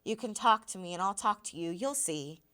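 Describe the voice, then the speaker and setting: A woman voicing a weary, dying father who quietly reassures his son, while reading a novel aloud. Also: mid-range voice, animated, brisk. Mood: reassuring.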